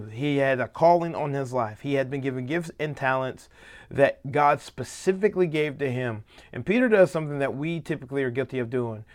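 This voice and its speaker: A man giving a devotional Bible teaching in an earnest, conversational way, growing animated when he paraphrases the people in the passage. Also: mid-range voice.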